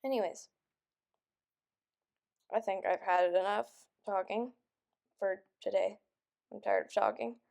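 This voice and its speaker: Young woman, very gravelly vocal fry, rambling, frustrated, on the verge of crying, morning voice. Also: mid-range voice, steady tone, a little slow, pauses often, darkish tone. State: close to tears; just woken up. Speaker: vlogger. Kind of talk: casual venting vlog.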